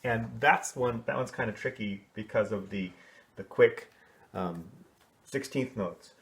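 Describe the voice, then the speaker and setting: A man's voice: on the low side, a little slow. Guy teaching kids choir, casual chatty explaining, sings bits to show them. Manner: casual, explanatory, sings short snatches to demonstrate. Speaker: music teacher. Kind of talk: coaching a kids' choir on song solos.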